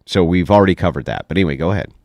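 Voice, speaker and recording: A man hosting a live online debate, calm and probing, with a deep radio voice. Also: racing, no echo, studio quality. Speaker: debate host.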